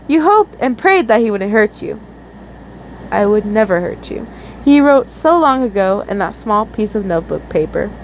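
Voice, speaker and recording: A young woman with a somewhat high voice earnestly reads a romantic fan story aloud, frequently stumbling and starting words over. The audio quality is poor, with slight background noise.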